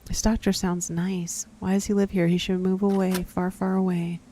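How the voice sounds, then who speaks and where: A woman's voice: fairly low pitch, flat delivery, moderate pace, mellow, a little hiss or hum. A woman casually commenting as she plays a story game, reading its text aloud, talking to herself and her viewers, and reacting with surprise. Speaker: gaming video host.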